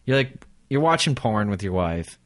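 Lowish-voiced dude cohosting, crude jokes, laughs a lot, dry mic. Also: male voice, very animated, normal speed, dry recording. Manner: laughing, joking, crude offhand delivery. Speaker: podcast co-host. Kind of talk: casual podcast banter.

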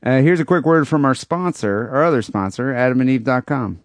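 A man's voice: medium pitch, fairly quick, no room sound, faint music behind. Man, podcast co-host, crude jokey chat, dry close sound. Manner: joking, crude, stammers on restarts. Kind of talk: casual comedic chat.

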